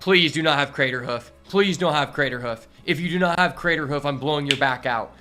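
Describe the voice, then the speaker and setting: A man streaming a card game, commenting live in an excitable, exasperated way and swearing often. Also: a little high, brisk, few pauses, faint music behind.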